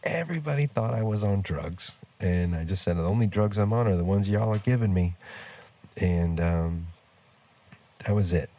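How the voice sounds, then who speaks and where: A young man tells a story from his own life in a loose, conversational way, full of fillers and acted-out lines from other people. His voice sits low and deep, with a dark, mellow tone. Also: lively intonation, moderate pace. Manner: conversational, rambling, with fillers and quoted dialogue. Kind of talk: casual personal storytelling.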